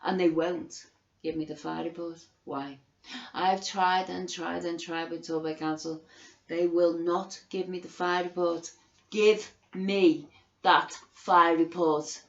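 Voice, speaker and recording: A woman's voice: lowish voice, flat delivery, a little slow, vocal fry. A middle-aged woman ranting angrily to camera, outraged and swearing, hammering the same phrases again and again. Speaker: vlogger. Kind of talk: angry ranting monologue. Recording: roomy, dull lo-fi recording.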